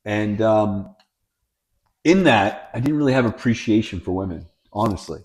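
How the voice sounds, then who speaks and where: A middle-aged man co-hosting a podcast, telling family stories in a blunt, animated, no-nonsense way. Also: fairly low pitch, normal speed. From Italian family. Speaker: podcast co-host. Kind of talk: casual chat.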